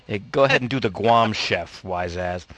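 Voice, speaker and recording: A man's voice: fairly low pitch, unhurried. A man acting as game master, chatting and joking casually over an online voice call before a tabletop game. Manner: animated, joking, trails off mid-sentence.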